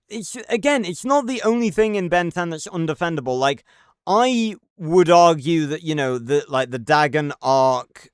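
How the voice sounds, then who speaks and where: A man's voice: on the high side, clean tone, no echo, clean studio sound. A man ranting casually on a live stream, rambling and cursing, with lots of fillers and restarts. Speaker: livestreamer.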